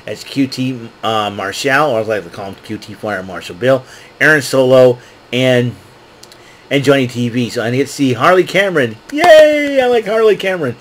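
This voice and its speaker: A man hosting a casual wrestling recap show, excitable and laughing often as he acts out what wrestlers said. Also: mid-range voice, brisk, slight background noise. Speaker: wrestling podcast host.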